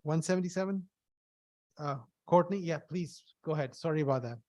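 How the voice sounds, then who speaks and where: A man chairing a public hearing over a video call, calling speakers in a halting, procedural way. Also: a little high, a little mellow, no room sound. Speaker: committee chair.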